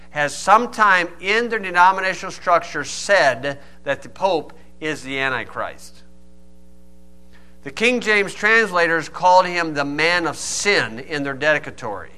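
A man preaching a sermon, stressing key words loudly and dropping to quiet asides. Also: a little high, clear, resonant tone. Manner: emphatic, swings from loud stresses to quiet asides.

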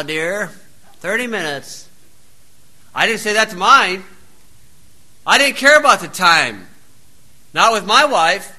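A man's voice: sits high, sharp tone. A male preacher delivering a blunt, plain-spoken, scolding sermon.

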